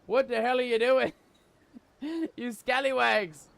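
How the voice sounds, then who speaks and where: A man streaming a game live, joking in mock pirate talk, reading the game's text aloud and shouting out in surprise. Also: extremely high pitch, fairly even intonation, measured pace, creaky, smooth, no echo. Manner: laughs often, exclaims loudly.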